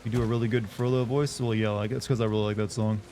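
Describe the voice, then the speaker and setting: A man's voice: lowish voice, little pitch movement, quick pace, background noise. A man chatting casually while streaming a game, rambling and answering his chat. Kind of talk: casual let's-play chat.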